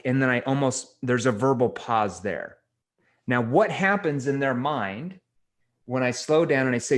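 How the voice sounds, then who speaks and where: A middle-aged man coaching sales calls, giving direct feedback and slowing down to stress key words. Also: mid-range voice, animated. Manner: direct, instructive, slows down for emphasis. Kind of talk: coaching role-play feedback.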